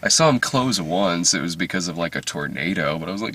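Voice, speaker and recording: A man's voice: low-pitched, a little slow, a little hiss or hum. A man chatting casually in a dim movie theater after a screening, laughing often as he reviews the film. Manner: giggly, laughs often, animated.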